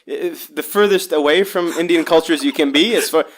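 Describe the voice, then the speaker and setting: A man's voice: fairly high pitch, brisk. A man hosting a podcast, asking long, rambling questions with many restarts in casual chat. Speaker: podcast host.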